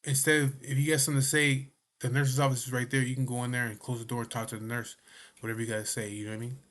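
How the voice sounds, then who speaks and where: A man's voice: medium pitch, little pitch movement, racing, a bit bright. A man telling a personal story to camera in a casual, blunt way, swearing often and asking "you know what I mean". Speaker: vlogger.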